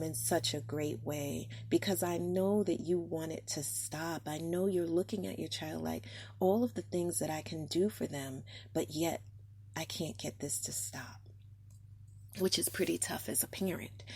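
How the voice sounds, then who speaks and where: A woman's voice: sits low, creaky, mellow, slight background noise. A woman podcast host telling a personal story in an earnest, heartfelt way, with frequent ums.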